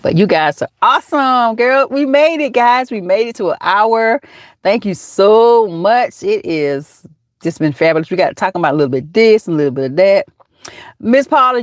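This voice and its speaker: A woman hosts a casual live chat from home, talking straight to her viewers and laughing often. Her voice sits in a middle pitch and is recorded close and dry, with no room sound. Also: dry recording. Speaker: livestream host.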